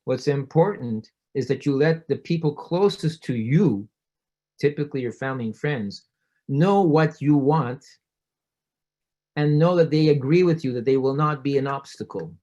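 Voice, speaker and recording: A man's voice: moderate pace, dark tone, highs cut off. Middle-aged male physician, storytelling lecturer who slips into quoted voices. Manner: storytelling, acts out quoted voices with rising pitch. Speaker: physician giving a public talk. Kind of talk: conversational presentation.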